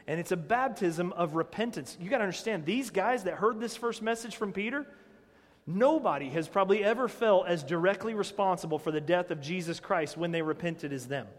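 A man with a high voice delivers a sermon in a conversational, animated way and keeps asking the congregation direct questions. His voice carries a long reverb from the church hall around him. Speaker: pastor.

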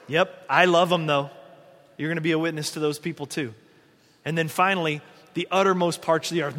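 Man, pastor, sermon, joking asides, high voice, long church-hall reverb. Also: animated, fairly quick, a bit bright. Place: church sanctuary.

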